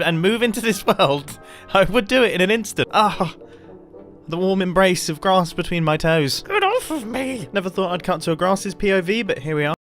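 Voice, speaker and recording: A young man with a fairly high voice talks through his Minecraft game in casual, playful commentary. He is excitable and self-mocking, and he often rushes his words. Faint music plays underneath. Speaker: Minecraft video creator.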